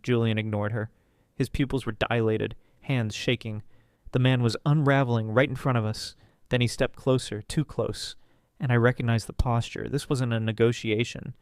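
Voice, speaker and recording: Smooth man narrating a story, close and dry. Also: steady tone, normal speed, no echo. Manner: dramatic, voices characters with pitch jumps. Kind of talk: first-person story narration.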